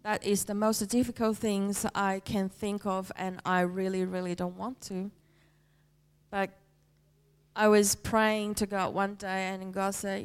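Slow, halting woman sharing a testimony. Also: mid-range voice, flat delivery, clear, resonant tone. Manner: halting, heartfelt, with many pauses and fillers. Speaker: church member sharing a testimony. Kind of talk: personal faith testimony.

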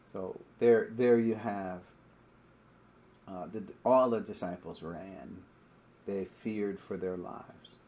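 A man's voice: low voice, steady tone, slow, mellow. A middle-aged man preaching a sermon in a conversational way, reading scripture aloud and breaking off to explain it. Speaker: pastor.

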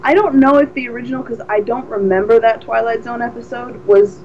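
On a casual podcast she co-hosts, a woman spins energetic stories full of restarts, her fairly high voice running a bit fast. The dull, lo-fi recording has slight background noise.

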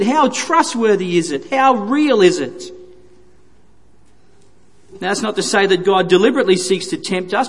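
A man preaching a sermon, earnest and emphatic, repeating phrases for stress. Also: very high voice. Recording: reverberant hall.

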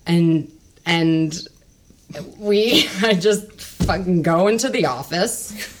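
A woman's voice: fairly low pitch, takes it slowly. Woman in her 30s telling a crazy story, laughing a lot, swears, does the voices, bit of faint hiss. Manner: animated, laughing, swears freely, acts out quotes. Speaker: storyteller guest. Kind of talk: personal storytelling on a podcast.

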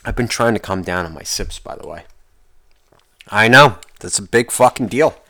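A man hosting his own podcast alone, ranting in a profane, exasperated way, his voice jumping higher when he gets worked up. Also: expressive, normal speed, sharp tone. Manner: pitch jumps up when worked up. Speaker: podcast host. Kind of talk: casual solo podcast rant.

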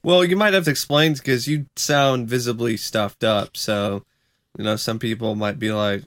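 A man's voice: medium pitch, steady tone, moderate pace, a bit bright, slight background noise. A man co-hosting a podcast in laid-back casual chat, hedging his words and cursing when he trips over them. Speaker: podcast co-host.

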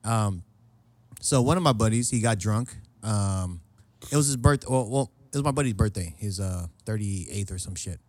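A man in his late thirties tells stories on a podcast with lots of cursing and laughter. His pitch swings widely as he acts out what others said. The sound is dry and close to the mic. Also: moderate pace, dry recording. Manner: animated, swearing, laughing, acts out quotes. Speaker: podcast host. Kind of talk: casual storytelling chat. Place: southern California.

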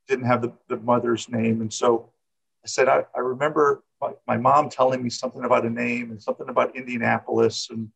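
Gravelly, husky middle-aged man. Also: medium pitch, level tone, a little fast, fairly bright tone, rough recording. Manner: rambling, repeats words, many fillers. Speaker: coach. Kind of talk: personal storytelling in an interview.

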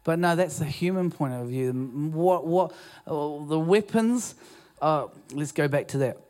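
In a church auditorium, a New Zealand pastor delivers his sermon into a stage mic, his somewhat high voice a little slow and a little mellow. He preaches conversationally, poking fun at himself and often beginning sentences again.

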